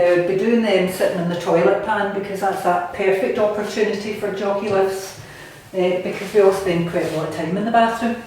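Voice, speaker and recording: With a darkish, mid-range voice, an upbeat Scottish fitness instructor talks listeners through a home exercise session, encouraging and chatty while slightly out of breath. She's in a bathroom at home, captured by a distant mic in an echoey room, with slight background noise.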